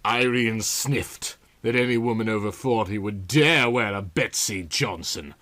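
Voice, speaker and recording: A man's voice: fairly low pitch, measured pace, bright, forceful tone. A man giving a comedic reading of a novel, with a dry, mock-serious delivery. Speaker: reader.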